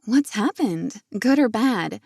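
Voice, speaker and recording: A woman's voice: fairly high pitch, animated, slow pace, gravelly, darkish tone, breathy edge, dry recording, clean studio sound, full character voice. A woman voicing an eager, flustered young woman who talks in a lightly raised, breathless voice.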